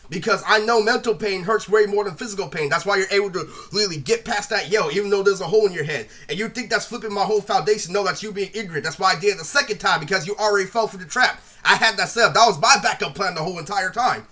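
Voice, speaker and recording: Man, rambling profane monologue; fast, high and bright-toned. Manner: rambling, repeats "literally" constantly, blunt and profane. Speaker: vlogger retelling a feud. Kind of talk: ranting monologue.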